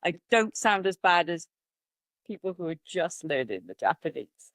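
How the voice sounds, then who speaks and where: A woman speaks as a guest on a podcast. Her voice sits a little low and is caught close and dry, with no room around it. She talks candidly and chattily, laughing easily. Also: big pitch swings, moderate pace, a bit bright, no room sound. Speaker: podcast guest, martial artist. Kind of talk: conversational interview.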